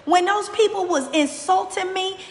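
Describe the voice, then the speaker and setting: Fervent high-voiced woman preaching. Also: normal speed, roomy sound, long reverb tail. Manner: fervent, preacherly, speaks directly to listeners. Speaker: host of a motivational faith podcast. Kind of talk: inspirational faith message.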